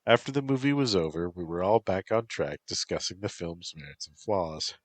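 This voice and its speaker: Low-voiced guy narrating as a man doing a wry college girl, slow and dry. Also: expressive, no room sound. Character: college woman narrator, wry horror fan. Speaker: story reader. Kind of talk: scripted first-person narration.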